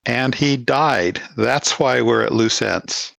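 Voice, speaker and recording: A man's voice: mid-range voice, gravelly, a bit bright, no room sound. A man playing in a tabletop role-playing game, who bluntly sets the facts straight. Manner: blunt, quick to correct. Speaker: player. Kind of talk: casual tabletop game chat.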